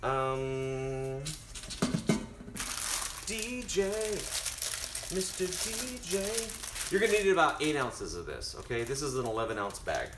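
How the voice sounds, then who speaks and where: A man's voice: medium pitch, sing-song, a little slow, long pauses, roomy sound, heavy background noise. A man chatting to his viewers while cooking live in his home kitchen. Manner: chatty, talks straight to viewers. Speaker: cooking stream host. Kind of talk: casual live cooking stream.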